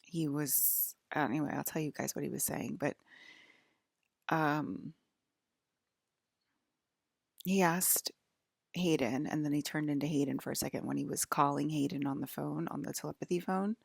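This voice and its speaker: A woman's voice: deep voice, steady tone, moderate pace, gravelly, slightly rough, dry recording, studio quality. A woman rambling through a personal monologue for her viewers, hesitant and full of fillers, sounding jittery and anxious. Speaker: vlogger.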